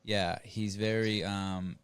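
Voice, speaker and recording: A man hosting a podcast, firing off quick questions and wrapping up in an earnest tone. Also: on the low side, fairly even intonation, a little hiss or hum. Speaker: podcast host. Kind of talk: casual chat.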